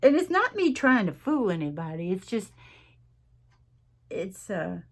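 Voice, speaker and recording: A woman's voice: medium pitch, big pitch swings, measured pace. A middle-aged woman, chatting folksily to viewers as she crafts at home and rambling between stories. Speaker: craft vlogger.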